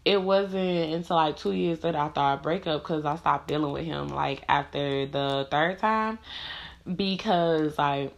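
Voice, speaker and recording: Low-voiced young woman, frank and profane. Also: unhurried, creaky, muffled recording. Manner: frank, profane, heavy use of "like" fillers. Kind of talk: casual storytelling to camera.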